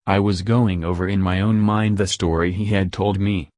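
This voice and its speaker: A man reading a novel aloud as an audiobook narrator, measured and even, on a close mic. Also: deep voice, no room sound. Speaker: audiobook reader.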